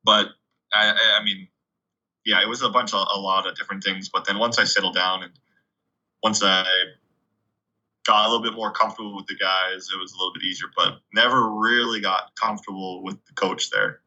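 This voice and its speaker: Young man from Canada, guest, chatty storyteller, very bright, lowish voice, dull lo-fi recording. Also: a little fast. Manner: chatty, fillers of 'like', animated retelling. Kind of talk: casual storytelling.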